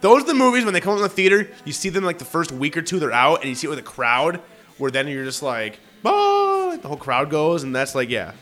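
A man in casual chat as a podcast co-host, excitable and swearing a lot. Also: on the high side, quick pace.

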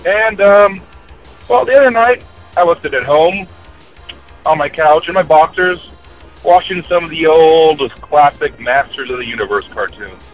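A man's voice: a little high, animated, normal speed, faint music behind, low-quality recording. A man leaving a recorded listener message for a podcast, talking in a chatty, rambling way.

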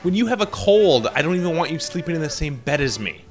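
A man's voice: a little high, sing-song, quick pace, soft background music. A man co-hosting a casual couple podcast, talking in a profane, rambling, joking way. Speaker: podcast co-host.

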